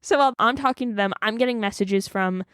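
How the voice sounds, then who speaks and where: A woman's voice: fairly high pitch, quick pace, smooth, no room sound, studio quality. A woman in her twenties co-hosting a podcast, retelling a story in casual chat, acting out quotes and saying "like" a lot. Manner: animated retelling, acts out quotes, many "like"s. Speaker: podcast co-host.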